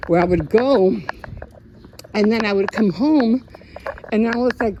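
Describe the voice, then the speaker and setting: A woman's voice: medium pitch, moderate pace. An older woman vlogging in a casual, rambling way, telling stories and often laughing. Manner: chatty storyteller who laughs often. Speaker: craft vlogger. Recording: dull lo-fi sound with steady noise.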